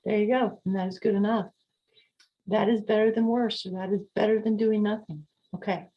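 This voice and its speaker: A woman hosting a podcast, talking calmly and repetitively as she coaches listeners on slowing down and mindfulness. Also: mid-range voice, highs cut off. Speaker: podcast host. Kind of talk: calm podcast talk on sleep and mindfulness.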